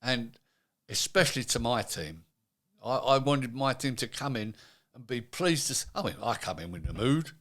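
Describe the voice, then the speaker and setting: A man's voice: mid-range voice, expressive, normal speed, a bit bright. An older man, a retired executive chatting in an interview and acting out what people said to him. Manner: chatty, acts out quoted dialogue. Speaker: retired manufacturing executive, guest. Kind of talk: casual interview.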